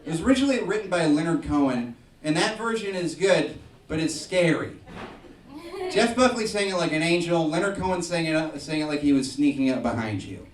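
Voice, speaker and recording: A young man doing a stand-up comedy set, telling self-deprecating stories and bursting into loud acted voices. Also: fairly high pitch, lively intonation, fairly quick, a little hiss or hum. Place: comedy club with live audience. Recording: echoey club from far off, audience audible.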